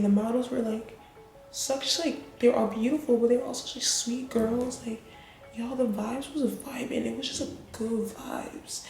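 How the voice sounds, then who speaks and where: A woman's voice: fairly high pitch, gravelly, a little mellow. A woman vlogging casually to camera, chatty and emotional, calling her viewers y'all. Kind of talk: casual vlog talk to camera. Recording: echoey room with faint music.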